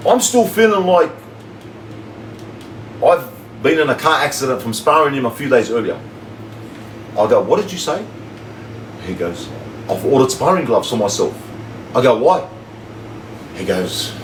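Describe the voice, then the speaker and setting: A livestream host with a mid-range voice takes his time telling viewers a story, leaving long pauses. His casual, slangy chat is animated and repetitive. The recording has an echoey room, a slightly distant mic, and a faint hum.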